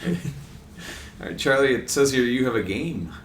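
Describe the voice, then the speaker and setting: A man co-hosting a soccer podcast, relaxed, giving short replies and quick laughs. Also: medium pitch. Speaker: podcast co-host. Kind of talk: casual chat. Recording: roomy echo, faint hiss.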